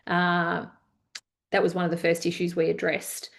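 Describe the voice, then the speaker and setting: A woman with a fairly low-pitched voice and some vocal fry speaks at a normal speed while presenting a leadership masterclass webinar. She chats through anecdotes, retelling them animatedly and using plenty of filler words.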